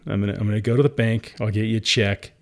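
A man's voice: fairly low pitch, level tone, quick pace. Emotional man telling his business story. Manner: emotional, laughs often, calls the host "guy". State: teary. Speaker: guest entrepreneur. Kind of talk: candid interview storytelling.

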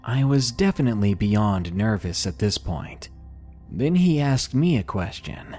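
A man narrating a scary story in slow, expressive storytelling. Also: fairly low pitch, faint music behind. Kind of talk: scripted horror story narration.

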